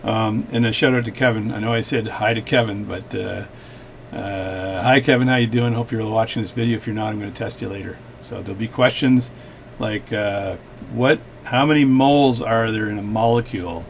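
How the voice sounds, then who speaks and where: A man's voice: on the low side, fairly even intonation, brisk, creaky, slight background noise. A man hosting a watch repair video, chatting casually with rambling, joking asides at his workbench.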